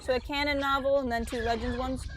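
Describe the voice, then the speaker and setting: A woman's voice: sits high, flat delivery, quick pace, background noise. Chatty woman streaming a game. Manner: chatty, explains her strategy as she plays. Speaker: live streamer. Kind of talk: casual gameplay commentary.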